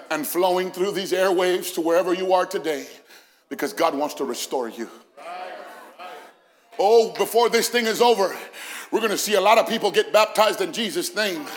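A male senior pastor preaching an Easter sermon in a church, building from quiet reasoning to shouted, sung-out climaxes. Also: sits high, normal speed, pauses often. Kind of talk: Pentecostal-style Easter sermon. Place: church sanctuary, also broadcast.

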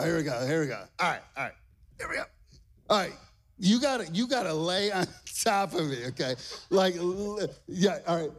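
A middle-aged man pastor preaching a lively sermon to a congregation, energetic and repeating "okay?" and "all right" often. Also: a little high, a little hiss or hum. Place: church stage before a congregation.

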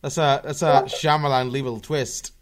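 A man's voice: medium pitch, fairly even intonation, normal speed, slight background noise. A young man in casual online chat with friends, laid-back and rambling, often laughing.

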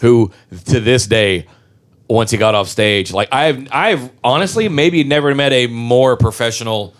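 A man in his forties, a musician from Memphis, telling profane, animated stories in casual chat. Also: mid-range voice, unhurried. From Memphis, Tennessee. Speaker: musician guest.

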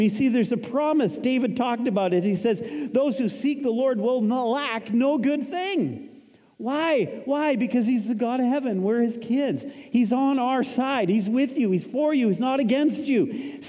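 A man in his fifties preaching with a high, mellow voice, pressing his points through repetition and scripture quotes. The sound rings with a long reverb, as from a large hall. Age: 50s. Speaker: pastor. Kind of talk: sermon.

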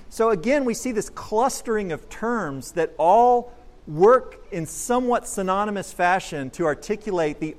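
Male pastor, high voice, emphatic sermon delivery with repeated words. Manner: earnest, emphatic, repeats words while building points. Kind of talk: expository sermon.

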